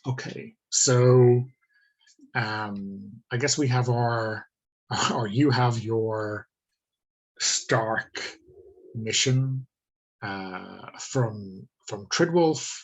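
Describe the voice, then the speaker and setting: A man runs a tabletop game over a video call, speaking slowly and hesitantly with plenty of ums. His voice is lowish and husky. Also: low-quality recording. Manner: hesitant, many ums, easy laughs. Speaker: game master. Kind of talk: running a tabletop game online.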